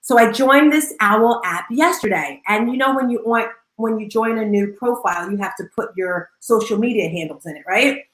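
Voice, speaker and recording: A woman hosting a live audio room, talking in an energetic, bubbly, animated way. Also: on the high side, moderate pace, hardly any pauses, echoey room, poor audio. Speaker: host.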